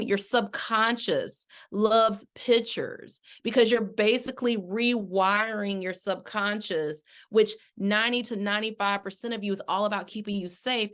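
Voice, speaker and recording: A middle-aged woman, a life coach hosting her own podcast, telling a story with lively acted-out quotes and talking straight to her listeners as y'all. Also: a little high. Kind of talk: casual solo podcast talk.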